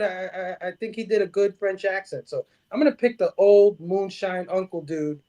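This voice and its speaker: A man's voice: sits high, fairly even intonation, moderate pace, mellow. A man co-hosting a movie review podcast, talking casually, swearing freely and restarting his sentences. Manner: swears freely, many restarts, laughs often. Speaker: podcast co-host.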